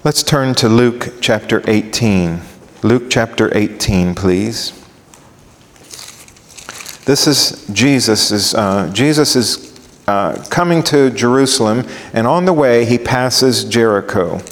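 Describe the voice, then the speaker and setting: A man preaching a sermon, animated and acting out scenes in different voices. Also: mid-range voice, slow pace. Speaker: pastor. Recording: long reverb of a large hall.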